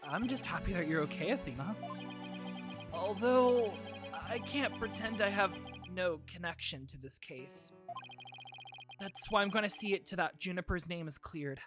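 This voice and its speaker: Woman doing a jumpy young guy lawyer, bluster over nerves, lively pitch, faint music behind. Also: moderate pace, lightly acted. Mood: nervous. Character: nervous young man lawyer, putting on bravado.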